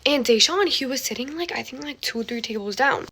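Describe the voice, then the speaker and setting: A young woman telling a casual story, animated and dramatic, full of fillers, dropping into whispers and jumping to shrieks. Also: high-pitched, fairly quick, slightly rough.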